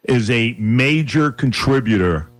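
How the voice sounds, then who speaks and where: A man's voice: medium pitch, expressive, measured pace. A man hosting a radio talk show, pushing back on his guest with repeated "come on" and "listen", over a faint music bed.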